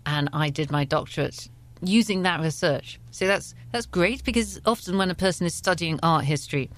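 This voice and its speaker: Low-voiced English woman, chatty storyteller. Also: normal speed. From England. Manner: chatty, amused anecdotal storytelling with frequent laughs. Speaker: interview guest, historian and curator. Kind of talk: conversational interview.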